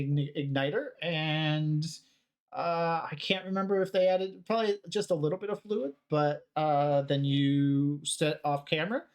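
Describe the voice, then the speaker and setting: A man hosting a rewatch podcast, chatting casually and rambling with many pauses. His voice sits a little high. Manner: rambling, halting, with many fillers. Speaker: podcast host.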